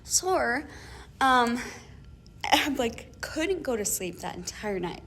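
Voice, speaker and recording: A young woman co-hosting a casual chat podcast, telling an animated story with lots of laughs and acted-out emails. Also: a little high, slow pace. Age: young adult. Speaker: podcast co-host.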